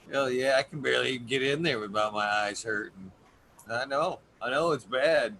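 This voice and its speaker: A man's voice: medium pitch, sharp tone, a little hiss or hum. A man hosting a casual podcast chat, joking, swearing freely and laughing often. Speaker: podcast host.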